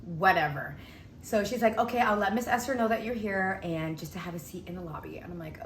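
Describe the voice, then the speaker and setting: Chatty young woman vlogger, animated storyteller who acts out quotes; echoey room, faint hiss behind. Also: mid-range voice, brisk. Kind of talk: casual storytelling vlog.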